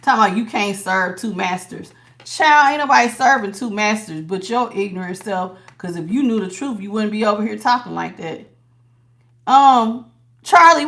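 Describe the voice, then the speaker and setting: A woman's voice: a little high, vocal fry, a bit bright. A woman hosting a live tarot reading, chatting casually with viewers and laughing often.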